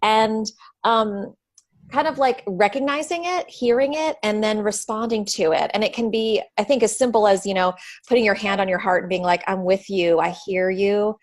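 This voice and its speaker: A woman hosting an interview, giving warm affirmations and short encouraging replies, then sharing her own thoughts in a conversational way. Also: mid-range voice, moderate pace. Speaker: interview host.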